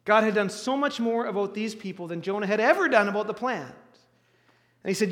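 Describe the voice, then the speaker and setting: A man's voice: high-pitched, expressive, brisk, a bit bright. A man preaching a sermon in a conversational way, with restarts and sudden rises in emphasis. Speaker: pastor. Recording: long reverb of a hall.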